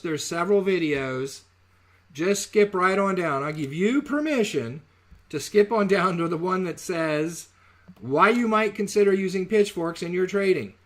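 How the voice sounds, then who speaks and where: A man teaching trading in a casual live webinar, chatty and jokey, often correcting himself mid-word. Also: sits high. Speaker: trading educator.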